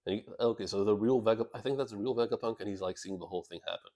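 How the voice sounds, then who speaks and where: A man reacting live to a comic chapter, excitable and quick to laugh, often stumbling and restarting words as he comments. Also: fairly low pitch. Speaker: channel host reacting to a manga chapter.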